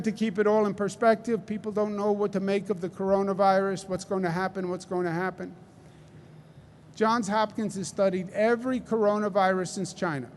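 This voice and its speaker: A man with a Queens New York accent giving a press briefing as a government official, speaking deliberately and emphatically with rhetorical check-ins. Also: high voice, a little mellow, slight background noise. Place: large indoor site with construction behind him.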